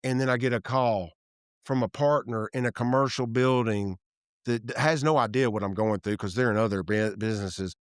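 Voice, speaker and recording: A man's voice: mid-range voice, normal speed, clean tone, no room sound, clean studio sound. Man telling stories with candid energy. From Tennessee. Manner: animated storyteller who acts out quoted dialogue, trails off and restarts. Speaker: guest, real estate developer. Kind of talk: candid storytelling interview. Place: office room.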